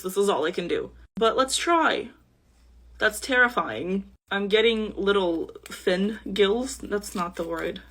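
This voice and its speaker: A woman's voice: fairly high pitch, fairly bright tone. A young woman chatting casually and joking at her own expense while she peels off special effects makeup for her vlog. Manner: chatty, joking, self-mocking. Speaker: makeup vlogger.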